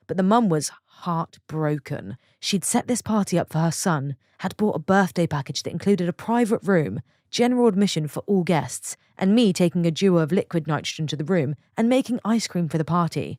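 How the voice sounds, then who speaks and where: A woman reading online stories aloud and reacting to them with chatty, expressive commentary between readings. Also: fairly low pitch, no echo, studio quality. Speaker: story narrator.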